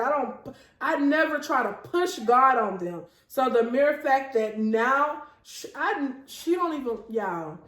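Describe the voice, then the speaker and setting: A woman in her thirties hosts a casual faith talk show, chatting warmly and earnestly to her viewers. Her voice sits fairly high. The room around her echoes noticeably. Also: animated, slow pace. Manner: chatty and heartfelt, often addressing viewers as y'all. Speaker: host.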